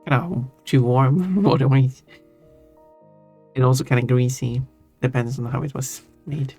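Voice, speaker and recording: Male stream host, casual and halting, chuckly, faint music bed. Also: medium pitch, fairly even intonation, dark tone, slightly rough. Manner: halting, restarts often, chuckles while answering chat. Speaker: livestream host. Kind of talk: casual chat with viewers. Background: faint background music.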